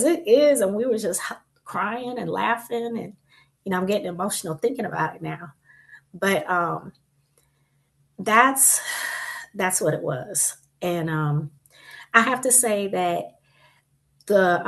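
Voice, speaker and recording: A woman guest on a panel, telling her own patient story in a chatty, lively way. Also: medium pitch. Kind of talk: casual panel discussion.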